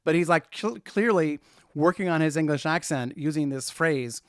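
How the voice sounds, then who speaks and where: A man who is a podcast guest, talking through a movie in a wry, thoughtful way. He laughs often. His voice sits a little high, and the sound is dry and close. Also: moderate pace, smooth, no echo. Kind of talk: casual film chat.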